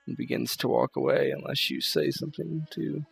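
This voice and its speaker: A man narrating a tabletop game as game master in a slow, relaxed way. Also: very deep voice, creaky, slightly rough.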